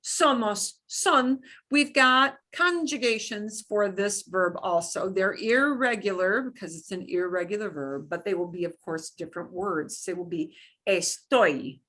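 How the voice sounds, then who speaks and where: A woman's voice: mid-range voice, measured pace, few pauses, sharp tone. A woman teaching a beginners' Spanish class, explaining patiently with examples and repetition. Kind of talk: classroom lesson.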